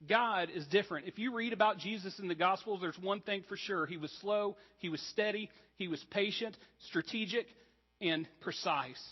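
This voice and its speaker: A man's voice: high-pitched, normal speed, slightly rough, big-room sound, dull audio. A man preaching a sermon as pastor, conversational and earnest, with casual asides to the congregation. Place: church sanctuary.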